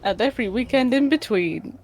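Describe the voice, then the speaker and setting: A woman's voice: fairly high pitch, lively intonation, a little mellow. A giggly woman joking around in casual chat on a livestream. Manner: giggly, drawn-out.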